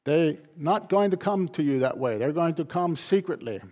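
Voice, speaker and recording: Man, pastor, sermon, emphatic repetition, somewhat high voice. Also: lively intonation, moderate pace, darkish tone. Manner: emphatic, repetitive preaching cadence.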